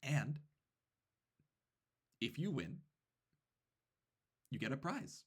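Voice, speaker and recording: A man, a teacher, casually telling a story about his students, animated and quick with asides. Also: medium pitch, breathy edge.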